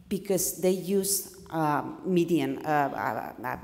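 Low, slow-talking woman coaching a class. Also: animated. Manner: directive, interrupts with quick corrections. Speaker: workshop instructor, speech coach. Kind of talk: live coaching in a workshop. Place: university classroom. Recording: roomy hall with faint noise.

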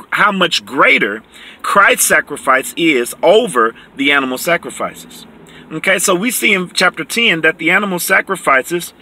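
A man teaching from the Bible, reading verses slowly and explaining them emphatically, often checking in with "okay?". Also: a little high, sharp tone, slightly rough. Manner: reads scripture slowly and deliberately.

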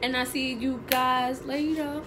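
A woman's voice: sits high, flat delivery, measured pace, noisy background. A young woman chatting casually in a prank vlog, slangy and swearing, often giggling. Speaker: vlogger.

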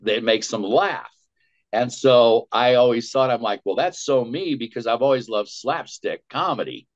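A man's voice: mid-range voice, normal speed. An older man, a voice actor, telling an anecdote in an interview and acting out the lines he quotes. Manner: lively storyteller, acts out quotes and cackles. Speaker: voice actor guest. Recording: dull lo-fi sound.

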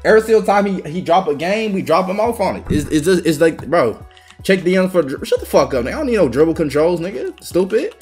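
Young man, gameplay commentary, excitable, swearing trash talk, lively pitch, faint music behind. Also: fast, husky. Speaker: gaming YouTuber.

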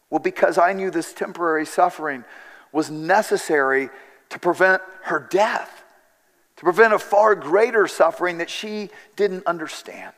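High-voiced man preaching in a reverberant hall. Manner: earnest storytelling with quoted dialogue. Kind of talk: sermon.

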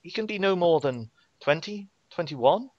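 Male game master, rambling descriptive narration, animated pitch, dull dry audio. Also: moderate pace, no room sound. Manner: rambling, filler-heavy description.

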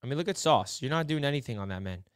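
A man hosting a casual football film breakdown, excitable, dropping to low mutters and then shouting in frustration or delight. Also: fast talker, clean tone, dry recording, studio quality. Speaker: sports film breakdown host.

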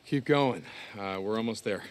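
An actor playing an easygoing outlaw biker in a video game, joking and deflecting. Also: male voice, fairly low pitch, normal speed, slight background noise, lightly acted. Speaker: game character. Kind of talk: video game dialogue acting.

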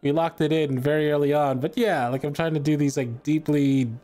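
A player chatting casually after a game session, relaxed and quick to laugh. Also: medium pitch. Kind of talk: casual post-session chat. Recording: faint music behind the voice.

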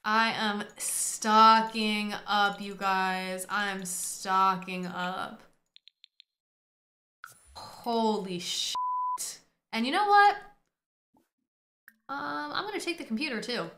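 A woman giving excitable, profane play-by-play commentary on a game, often breaking into laughter. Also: mid-range voice, slow pace, roomy sound. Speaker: gaming streamer. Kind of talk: casual gameplay commentary. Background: faint game music.

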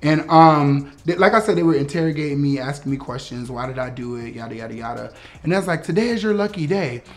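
A young man telling a comic story to friends, animated and profane, laughing often. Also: mid-range voice, fast talker. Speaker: guest storyteller.

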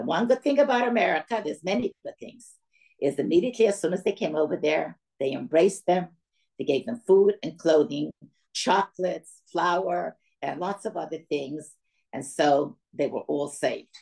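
An older woman from the former Soviet Union speaks as a guest to a gathering of women. She tells her family's story in a lively way, acting out the voices of the people in it. Her voice sits a little low for a woman. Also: vocal fry. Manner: lively storyteller who acts out quoted dialogue. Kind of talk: storytelling talk to a women's audience.

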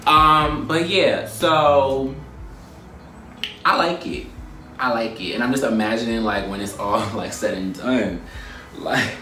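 A young man in a casual vlog, talking in a playful, slangy way and often breaking into high squeals. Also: measured pace, bright, forceful tone, a little hiss or hum. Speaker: YouTuber.

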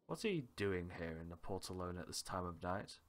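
A man with a fairly low voice reads a visual novel aloud, playing every part himself. He moves from one character to the next and drops in small laughs and asides along the way. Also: big pitch swings, brisk. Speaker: let's play host reading a visual novel aloud. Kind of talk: reading game dialogue aloud with light character voices.

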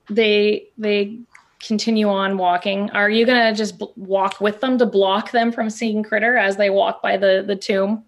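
A woman narrating a tabletop game as dungeon master in a playful way, laughing often. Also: medium pitch.

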